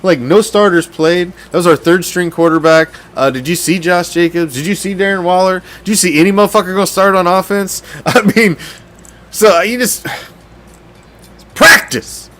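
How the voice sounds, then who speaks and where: A man hosts a fan sports show in a casual, ranting way, his voice sitting a little high. He swears freely and turns sarcastic as he gets heated, often stumbling and restarting his sentences. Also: lively intonation, unhurried, a bit bright.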